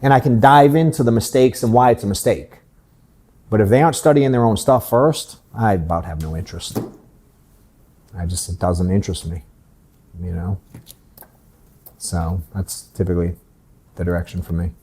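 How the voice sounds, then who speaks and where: A man's voice: sits low, moderate pace, pauses often, darkish tone, a little hiss or hum. A man in his thirties, a sales coach hosting a workshop in his office, talking bluntly and candidly and swearing casually.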